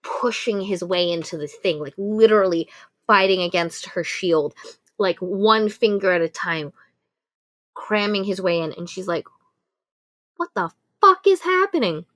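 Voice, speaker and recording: A woman's voice: lowish voice, a little slow. A woman co-hosting a book podcast, retelling a plot casually and animatedly, swearing and acting out quotes. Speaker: podcast co-host. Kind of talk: casual book review chat.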